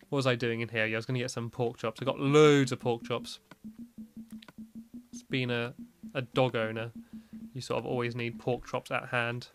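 With quiet music playing beneath him, a gaming video host rambles through a building game in casual commentary. His voice sits in an ordinary middle pitch, and he scatters "like" fillers and little laughs throughout.

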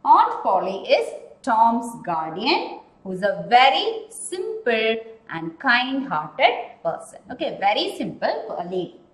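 Woman teacher, high voice, unhurried, repeats and asks questions, echoey room. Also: wildly swooping pitch. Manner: explains slowly, repeating key words and asking questions. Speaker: English teacher. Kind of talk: recorded class lesson. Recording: roomy echoing room.

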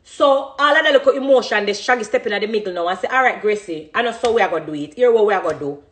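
A woman's voice: medium pitch, animated, very fast. A woman in her thirties with a Jamaican accent, a dancehall artist giving an impassioned, emphatic monologue and repeating phrases for emphasis.

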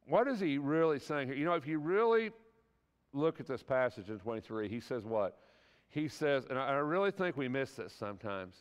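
A man's voice: medium pitch, big pitch swings, normal speed, clean tone, in a large hall. A man teaching a church class in a conversational sermon style, earnest and folksy, often asking the class rhetorical questions.

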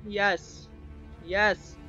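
High-voiced excitable young male gamer. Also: very slow, muffled recording. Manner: excitable, yelps and cheers at game events, rambling asides. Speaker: gaming video creator. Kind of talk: let's play commentary. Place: at a desk at home. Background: faint game music.

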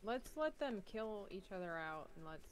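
A woman's voice: medium pitch, big pitch swings, moderate pace, clear, resonant tone. A woman joining a game stream as a co-player, making playful, jokey callouts. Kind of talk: casual gameplay chat.

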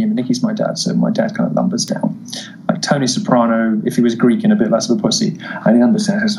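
A man's voice: mid-range voice, brisk, darkish tone, slight background noise, low-quality recording. A man with a posh British accent, a talk-show guest calling in and telling stories in a camp, theatrical way. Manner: camp, theatrical, calls people darling. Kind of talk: casual chat, storytelling.

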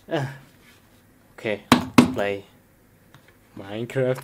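A woman performing a comedy skit in an excitable way, often exclaiming and laughing, on a noisy recording. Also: very deep voice, drawn-out words, pauses often.

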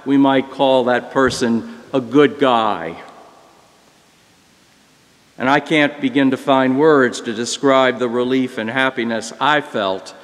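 An older man, a priest, telling a story in a sermon, reflective and gentle. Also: medium pitch, takes it slowly, long reverb tail. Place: church.

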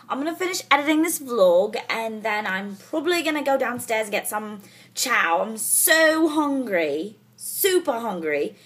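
A woman's voice: on the high side, very animated, moderate pace, breathy edge. Goofy chatty young woman vlogging. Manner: chatty and goofy, full of "like" fillers, jokes around. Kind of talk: casual daily vlog to camera.

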